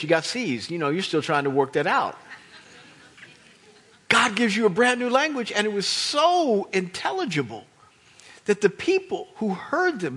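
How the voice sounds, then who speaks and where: Male American pastor, high, lively delivery, slightly husky; storytelling sermon. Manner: animated storytelling, acts out voices of disciples.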